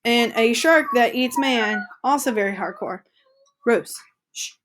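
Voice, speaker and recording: A woman's voice: a little high, measured pace, a bit bright. A woman teacher reading an article aloud to her students in a chatty, upbeat way with casual asides.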